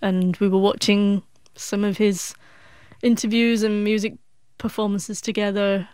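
Casting: woman, forties, audible stutter, halting and emotional storytelling, dry close mic. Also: mid-range voice, flat delivery, darkish tone, clear, resonant tone, no echo. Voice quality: stuttering with frequent sound repetitions. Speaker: interview guest, author. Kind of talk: personal storytelling in an interview.

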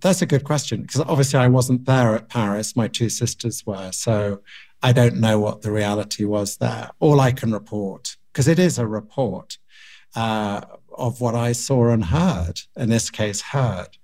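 Man, radio interview guest, measured and reflective, mid-pitched voice, stops and restarts now and then. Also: a little mellow. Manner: measured, thoughtful, with small restarts.

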